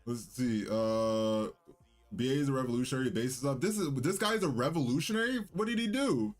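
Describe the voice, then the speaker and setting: A man's voice: medium pitch, lively intonation, brisk, soft background music. A young man hosting his own livestream, chatting loosely and cockily with restarts and fillers. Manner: loose, rambling, cocky banter with restarts. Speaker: livestream host and musician. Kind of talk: casual livestream chat.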